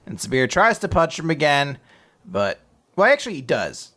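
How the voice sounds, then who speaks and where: Casual male podcast co-host, animated pitch, throws on goofy character voices while recapping. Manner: animated, swears freely, acts out quick silly character voices. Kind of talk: casual chat.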